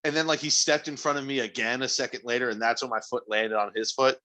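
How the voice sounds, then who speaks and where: A man with a bright, forceful voice co-hosting a podcast. He talks bluntly in casual chat and cracks crude jokes. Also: mid-range voice, steady tone, quick pace. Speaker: podcast co-host.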